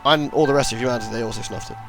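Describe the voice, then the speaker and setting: A man's voice: medium pitch, racing, vocal fry, over music. A man hosting a let's play, rambling and sarcastic as he comments on the game. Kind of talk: gameplay commentary.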